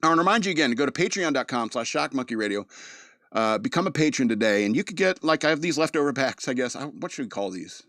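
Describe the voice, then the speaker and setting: A man's voice: medium pitch, lively intonation, fast, a bit bright, no room sound, clean studio sound. A man hosting a podcast, telling a story in a casual, rambling way, often laughing at it as he goes. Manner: rambling, laughs at his own story, frequent restarts. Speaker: podcast host.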